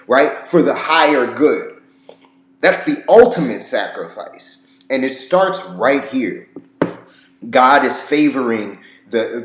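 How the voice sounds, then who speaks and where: A man talks through scripture in loose, rambling commentary, leaning on fillers and the odd swear word. His voice sits at a middling pitch. The recording has the echo of a roomy space. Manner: rambling, filler-heavy, profane. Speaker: religion commentator. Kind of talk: casual commentary lecture.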